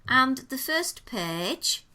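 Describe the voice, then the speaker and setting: A woman tells a podcast co-host all about a restaurant visit. Her voice is bright and forward, and she talks in an easy, enthusiastic way, painting each detail as she goes. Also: high voice, big pitch swings, very slow, clean tone. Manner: chatty, descriptive, enthusiastic storytelling. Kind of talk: casual chat, restaurant review.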